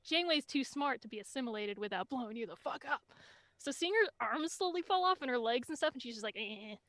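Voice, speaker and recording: Young woman, high voice, excited, swears, acts out scenes, dry close mic. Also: quick pace, dry recording. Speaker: podcast co-host. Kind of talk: casual chat.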